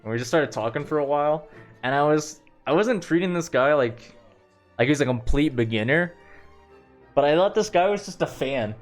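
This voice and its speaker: A man's voice: a little high, animated, normal speed, soft background music. A young man streaming, rambling casually through stories with lots of fillers and self-deprecating asides. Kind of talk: casual storytelling on a live stream.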